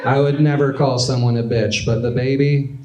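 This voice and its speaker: A young male comedian works through a stand-up set in a dry, deadpan way, slipping into quick voices for people in his stories. His voice sits at an ordinary middle pitch. The room is echoey, with a crowd laughing throughout. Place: comedy club stage. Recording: echoey club with audience laughter.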